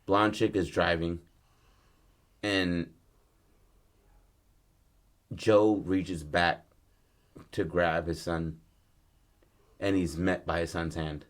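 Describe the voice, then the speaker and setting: A man co-hosting a podcast, pitching a film story in casual chat, loose and profane, slipping into the voices of his characters. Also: fairly even intonation, very slow, pauses often. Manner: laid-back, profane, acts out lines in his story. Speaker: podcast co-host.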